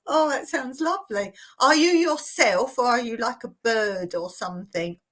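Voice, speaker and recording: A woman's voice: a little high, normal speed, hardly any pauses, fairly bright tone. A woman from England hosting a live stream, chatting casually and giggling as she tells stories and reads out viewer comments.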